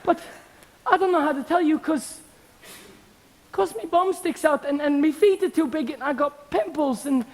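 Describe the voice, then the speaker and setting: A teenage actor playing an awkward working-class boy who is shy with girls, in a live school musical. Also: very high-pitched. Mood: yearning. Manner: blunt, halting, self-mocking. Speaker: stage actor. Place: school theatre stage. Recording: echoey hall with music.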